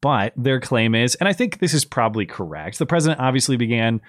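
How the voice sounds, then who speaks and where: Man, podcast host, sarcastic political commentary, lively swinging pitch, dry recording. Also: a little fast, no room sound. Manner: sarcastic, animated, laughs while talking.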